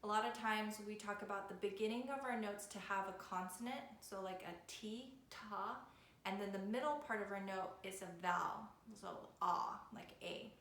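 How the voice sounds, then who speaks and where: A woman's voice: mid-range voice, a bit bright. A woman violin teacher giving a patient, step-by-step video lesson. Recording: echoey room with faint noise.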